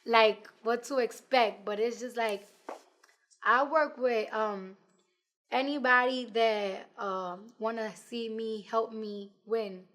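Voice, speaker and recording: A woman's voice: on the high side, slow. A woman in her twenties with a New York accent, a rapper talking bluntly and profanely in a casual interview. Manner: blunt, profane, animated storytelling.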